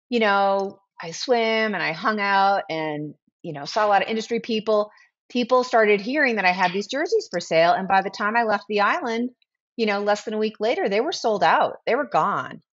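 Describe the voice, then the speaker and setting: Animated woman guest telling a story. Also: mid-range voice, normal speed, muffled recording. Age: 40s. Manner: animated, acts out quoted dialogue. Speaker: guest, brand founder. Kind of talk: casual storytelling interview.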